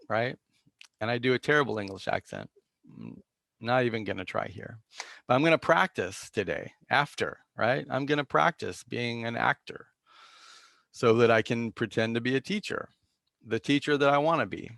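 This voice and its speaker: A man giving a reflective, self-deprecating dharma talk as a Zen teacher, halting with fillers and restarts and coughing now and then. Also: mid-range voice, gravelly, fairly bright tone, no room sound, clean studio sound.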